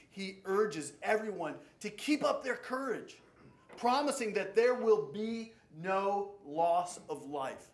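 A male pastor delivers a sermon with a high-pitched voice. He swings dynamically between loud, urgent passages and hushed, low ones. The sound carries the echo of a large room.

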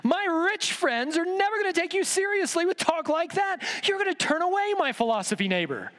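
A man's voice: very high-pitched, sing-song, brisk, fairly bright tone, big-room sound, voice pushed up, heavily acted. A preacher voicing an anxious, status-minded male church member who pleads and frets. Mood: pleading. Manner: pleading, flustered.

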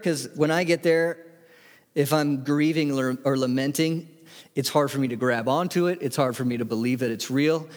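Earnest male preacher in echoing hall. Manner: earnest, rises in pitch when reading the psalm aloud; asks the congregation direct questions. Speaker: pastor. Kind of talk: sermon. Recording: long hall reverb.

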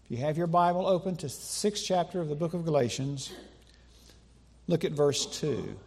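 Emphatic preaching man, slow pauses. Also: fairly high pitch, creaky, a little mellow. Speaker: pastor. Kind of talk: sermon. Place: church sanctuary.

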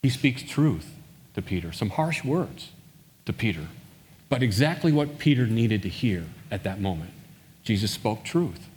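A man's voice: fairly low pitch, big pitch swings, unhurried, darkish tone. A man preaching a sermon, telling a story and acting out the quoted lines. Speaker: pastor. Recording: long hall reverb.

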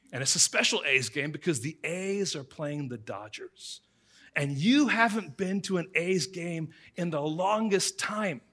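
A man delivers a sermon in a crisp, bright voice of middling pitch. He speaks straight to his listeners and builds everyday stories to make his point. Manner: tells everyday stories to illustrate scripture; addresses the congregation directly. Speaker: pastor.

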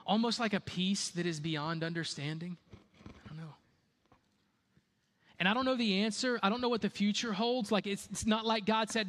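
A male pastor delivering a sermon in a casual, conversational way. His voice sits fairly high for a man, and he leans on repetition and pointed rhetorical questions to drive each point home. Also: moderate pace, fairly bright tone, long reverb tail. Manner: conversational, repeats key phrases, rhetorical questions.

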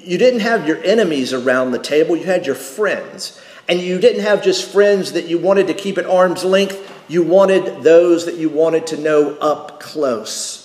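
A pastor delivers an emphatic sermon in a church sanctuary, repeating key phrases to give them weight. His voice is medium in pitch and a little mellow, and the hall's echo adds long reverb.

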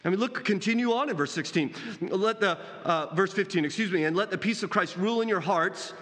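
A man's voice: high-pitched, a little fast, a bit bright, big-room sound. A man preaching a sermon as pastor, earnest, swinging his voice up and down and asking his listeners rhetorical questions.

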